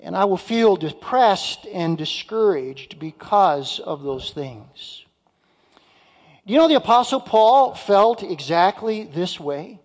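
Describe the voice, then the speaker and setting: A male pastor delivers a sermon in a church sanctuary. His pace is slow and deliberate, and he leans hard on key words and asks the congregation direct questions. His voice rings with the long reverb of a large hall. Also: high-pitched.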